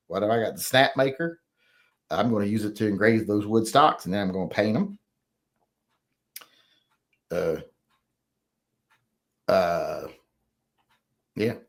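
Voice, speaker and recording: A man's voice: mid-range voice, sharp tone. A middle-aged man with a drawl, hosting a casual livestream and reading chat, blunt and opinionated.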